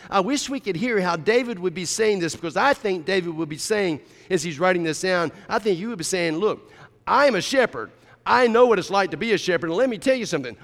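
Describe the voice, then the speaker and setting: A man preaching a sermon in a dramatic way, swinging between loud emphasis and quiet drops. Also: on the high side. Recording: long hall reverb.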